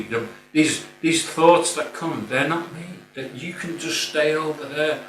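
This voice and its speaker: Here a middle-aged man gives a sincere, casual spiritual talk, his voice a little high, fairly bright, and a touch slow. He drifts a little and repeats "you know," and the distant mic picks up a roomy sound and faint hum.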